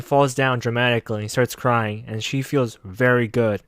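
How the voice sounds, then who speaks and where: A young man tells an anime plot as a sarcastic, swearing comedy recap, jumping his pitch up whenever he quotes the girls. His voice is smooth and clear. The sound is close and dry with no room around it. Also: steady tone, normal speed, hardly any pauses, fairly bright tone, dry recording. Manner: sarcastic, mocking asides. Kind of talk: casual comedic recap with profanity.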